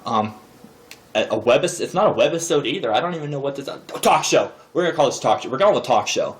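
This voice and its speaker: A man's voice: medium pitch, expressive, fast talker. A man in his thirties talking to camera in a casual, rambling, self-deprecating comic monologue. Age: 30s. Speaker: vlogger host. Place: indoor room, seated in a chair. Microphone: camera propped in a desk drawer.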